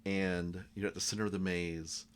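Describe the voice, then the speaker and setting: A man narrating as game master of a tabletop game, in loose, halting descriptions. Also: deep voice, little pitch movement.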